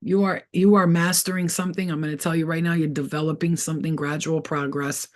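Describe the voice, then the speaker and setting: A middle-aged woman chats through a spiritual card reading. She is animated and full of slang, and she laughs often as she talks. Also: sits low, brisk. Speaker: tarot reader. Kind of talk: casual spiritual reading chat.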